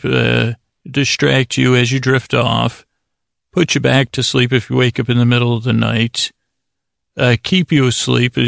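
Male sleep podcast host, heavy vocal fry, dry close mic, meandering wry chat. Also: mid-range voice, no echo. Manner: stammering, self-interrupting, wry. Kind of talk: rambling casual monologue.

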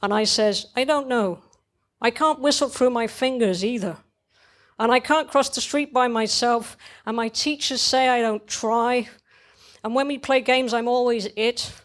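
A woman's voice: a little high, unhurried, pitched above the performer's own voice, natural voice. A woman reading aloud in the voice of a small, anxious, put-upon girl, her tone plaintive. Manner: plaintive, rising into upset. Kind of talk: reading a cartoon monologue aloud.

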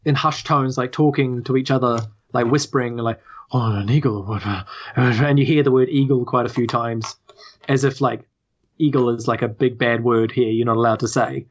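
A woman's voice: very deep voice, steady tone, moderate pace, lo-fi sound. A woman narrating a tabletop game as game master, hesitant with many fillers.

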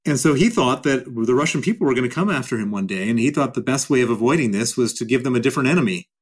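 A male interview guest explains his views at length, driving points home by repeating them. His voice sits at an ordinary middle pitch for a man. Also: lively intonation, fast, husky. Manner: emphatic and repetitive.

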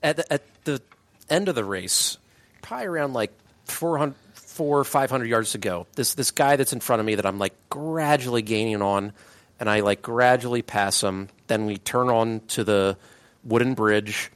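A man telling a story in relaxed, casual chat with friends. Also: medium pitch, normal speed, no room sound.

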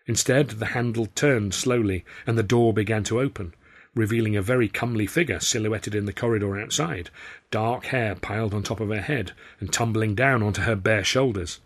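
A man with an English accent narrating his own novel in the first person, wry and measured. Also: fairly low pitch. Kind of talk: scripted storybook narration.

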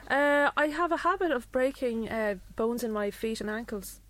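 A woman chatting on a podcast, hesitant and filling pauses with ums and uhs. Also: a little high, expressive, no room sound. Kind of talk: casual chat.

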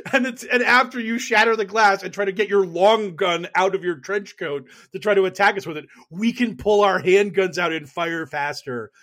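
A man's voice: sits high, moderate pace, fairly bright tone. A man co-hosting a podcast, chatting casually and mockingly about political news, laughing often and rambling with fillers. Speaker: podcast co-host. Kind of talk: casual comedic political chat.

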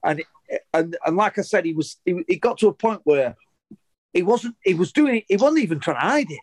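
A middle-aged former footballer, telling a story in an interview in a heated, sweary, rambling way with many restarts. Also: male voice, high voice, lively intonation, brisk, no echo, rough recording.

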